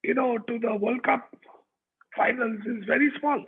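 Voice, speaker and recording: A man's voice: extremely high pitch, fairly even intonation, normal speed, a little hiss or hum. A man giving a chatty motivational talk over a video call, checking in with his audience as he goes. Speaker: motivational speaker. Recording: tinny online call audio.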